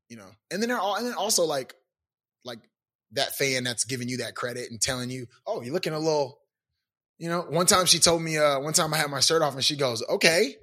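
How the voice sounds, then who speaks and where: A man in his thirties co-hosting a casual podcast chat, telling stories and acting out other people's lines. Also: medium pitch. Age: 30s. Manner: animated storyteller, acts out quotes in character. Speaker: podcast co-host.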